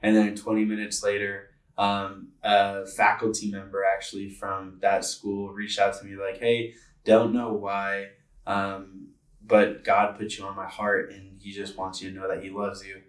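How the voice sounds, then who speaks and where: A man's voice: fairly low pitch, monotone, unhurried, far from the mic. A man in his twenties telling a personal story on a podcast, earnest and rambling with lots of filler words. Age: 20s. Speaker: podcast co-host. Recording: roomy sound from away from the mic.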